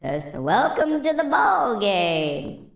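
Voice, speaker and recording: A man through hard auto-tune, slow. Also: sits high, sing-song, creaky, a bit bright, pitched above the performer's own voice, exaggerated voice. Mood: playful. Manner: playful mic-testing. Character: auto-tuned voice testing a mic.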